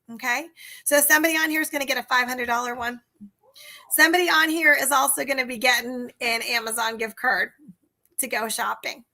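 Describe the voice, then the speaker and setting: High bright woman coaching live. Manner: enthusiastic, chatty, addresses viewers directly. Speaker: sales coach hosting a livestream. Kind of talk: casual livestream talk to viewers.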